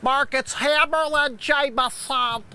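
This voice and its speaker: A man voicing a smug, boozy male veteran news anchor with a slow, self-satisfied drawl. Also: extremely high pitch, steady tone, bright, forceful tone, pitched above the performer's own voice, heavily acted.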